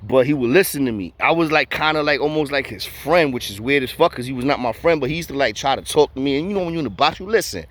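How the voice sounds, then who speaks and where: A man's voice: mid-range voice, expressive, quick pace, few pauses. A man telling a story in a casual way, full of street slang and acting out the voices of the people in it.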